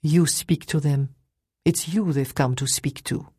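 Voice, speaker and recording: A stern, formal older woman, as a woman reader puts her on speaks slowly and deliberately in an audiobook. The voice is low and husky, recorded close and dry. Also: fairly even intonation, warm tone, dry recording. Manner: slow, deliberate, formal speech.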